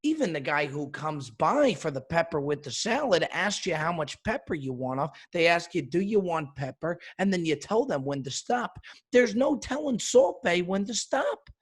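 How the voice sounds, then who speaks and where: A man's voice: fairly high pitch, sing-song, moderate pace, breathy edge. A man hosting a comedy podcast, delivering an exasperated, indignant rant.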